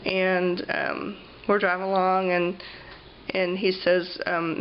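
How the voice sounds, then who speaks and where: A woman's voice: fairly low pitch, flat delivery, measured pace, highs cut off, a little hiss or hum. A woman with a cough, chatting casually with lots of ums as she flips through her travel journal. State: has a cough, clears her throat. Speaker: vlogger.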